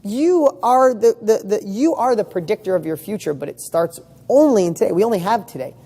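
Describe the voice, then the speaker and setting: A man's voice: high voice, lively intonation, brisk, warm tone. A man giving a motivational talk, firing rhetorical questions with emphatic, casual delivery and the odd swear word. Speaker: motivational speaker.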